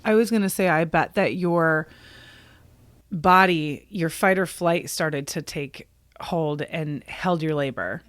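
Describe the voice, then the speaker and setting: A woman's voice: low-pitched, takes it slowly. A woman hosting a podcast interview, reacting directly and emphatically. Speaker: podcast host. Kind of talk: conversational interview.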